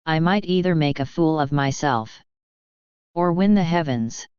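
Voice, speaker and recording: A storyteller giving a measured, even first-person reading of a novel. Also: mid-range voice, clean tone, no echo, muffled recording. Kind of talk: scripted narration of a novel.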